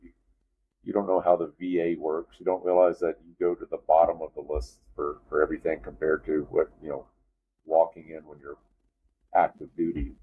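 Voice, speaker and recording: A man in his fifties, an Army veteran, telling a story in a casual interview and jumping up in pitch when he is exasperated. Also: brisk, breathy edge, narrow, tinny audio. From United States. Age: 50s. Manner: animated storyteller, voice jumps up in disbelief.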